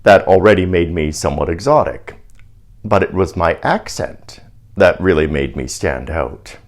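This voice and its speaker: A man from Canada speaks in a very low, deep and polished baritone. He delivers a scripted reflection as a clergyman, measured, articulate and a little wry.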